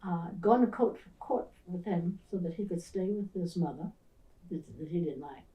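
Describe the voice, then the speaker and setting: Recalling her memories for an interview, an older woman pastor from the Philadelphia area speaks at normal speed in a lowish voice, lively and performing the voices of her characters. The audio is dull and roomy, from a distant mic.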